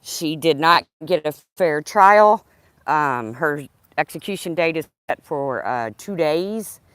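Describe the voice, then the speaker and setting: Woman hosting a casual livestream, low pitch with lively swings, rambling. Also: slow, clean tone, no echo. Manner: rambling, talks to her dog. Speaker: livestream host.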